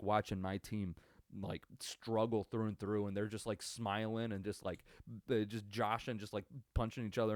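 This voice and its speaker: Young man, low voice, rambling casual sports talk, profane, dry close sound. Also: a little mellow, no room sound. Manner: rambling, profane, lots of fillers and restarts. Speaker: podcast host. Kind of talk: casual solo sports podcast. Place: home setup at a computer. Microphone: computer webcam recording.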